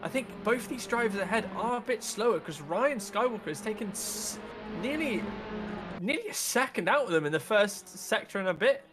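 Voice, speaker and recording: A high-voiced man co-commentates an online race, working through gaps and overtaking chances. Music and car engine sounds run clearly behind him. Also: lively intonation, moderate pace. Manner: analytical, talks through gaps and tactics. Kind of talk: sim racing commentary.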